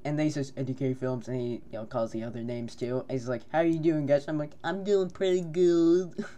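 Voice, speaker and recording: A man co-hosting a casual podcast, telling a rambling, animated story and laughing often. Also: medium pitch, quick pace. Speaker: podcast co-host.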